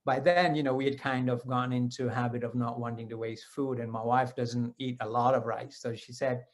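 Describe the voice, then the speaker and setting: A man's voice: medium pitch, flat delivery, fairly quick. Man, fifties, mid-range voice, personal storytelling talk, conversational, self-correcting. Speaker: devotee sharing personal experiences.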